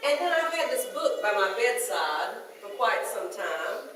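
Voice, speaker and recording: A woman's voice: on the high side, sing-song, unhurried, a bit bright, slight background noise. Older woman minister, musing and conversational, recorded from a distance in a very reverberant sanctuary. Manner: conversational, reflective, with hesitant restarts. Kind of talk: sermon. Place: church sanctuary. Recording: very echoey room, mic at a distance.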